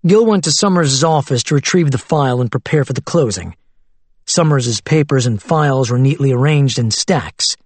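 A man narrating an audiobook novel in a steady, even storytelling manner. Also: mid-range voice, moderate pace, husky, dry recording.

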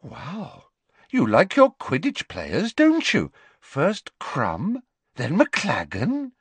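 A man's voice: fairly high pitch, huge pitch swings, very slow, slightly rough, no echo, voice pushed up, full character voice. A man voicing a chatty, gossipy schoolgirl.

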